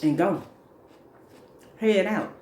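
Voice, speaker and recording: During a mukbang, a woman chats casually about self-care while eating, repeating her points and laughing between lines. Her voice is fairly low, warm, and expressive, and she speaks very slowly in an echoey room with faint noise.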